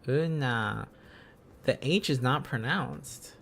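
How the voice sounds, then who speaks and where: A man's voice: mid-range voice, slow, gravelly, a bit bright, a little hiss or hum. A man streaming casually, thinking aloud as he learns, sounding out syllables and chuckling often.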